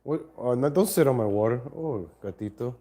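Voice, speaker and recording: A man's voice: medium pitch, lively intonation, fairly quick, mellow. A man hosting a casual live stream from home on a laptop mic, rambling and correcting himself as he greets viewers. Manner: rambling, self-correcting, chats to viewers and cat.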